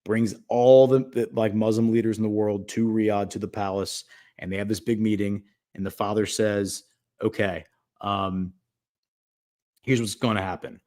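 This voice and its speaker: His voice sits on the low side, mellow and level, and he moves at a moderate pace. As a talk show host, he spins a long, filler-heavy story in casual style, acting out quotes along the way.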